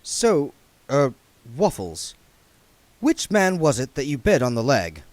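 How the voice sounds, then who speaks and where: A man voicing an earnest, polite young reporter who talks briskly. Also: medium pitch, wildly swooping pitch, darkish tone, dry recording, voice pushed up.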